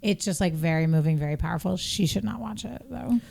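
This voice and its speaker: A woman's voice: lowish voice, a little fast, creaky, darkish tone. A woman co-hosting a podcast, chatting in a playful, teasing way. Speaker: podcast co-host. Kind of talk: casual chat.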